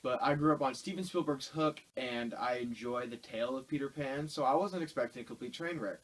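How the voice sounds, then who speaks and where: A man's voice: mid-range voice, brisk, noisy background. A man giving a casual, ranting film review, exasperated and sarcastic as he rambles through his complaints.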